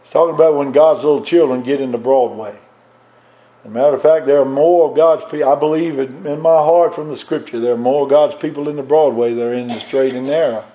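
A man preaching a sermon with a fervent, repetitive cadence, climbing higher and louder on emphatic points and dropping low and soft on reflective ones, with halting restarts. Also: steady tone, muffled recording. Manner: rises in pitch and force on emphatic points, drops low and soft on reflective lines.

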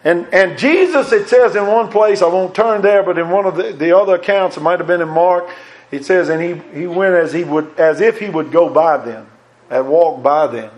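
A man preaching a sermon in a fairly high voice. He is fervent and emphatic, often repeating words as he goes. He swings from raised, urgent lines down to hushed ones. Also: normal speed, rough recording.

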